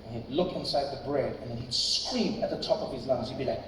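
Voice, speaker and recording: A man from Africa, doing stand-up and telling a story in an animated, chatty way. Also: mid-range voice, fast talker. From South Africa. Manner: animated, chatty, tags lines with "right?". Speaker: stand-up comedian. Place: large theater stage. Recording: echoey hall from far, audience noise.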